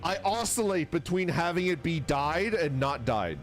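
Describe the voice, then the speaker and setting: A man with a slightly high voice streams live at normal speed, soft music behind him. Lively and casual, he reads his chat out loud and swears freely while talking with viewers.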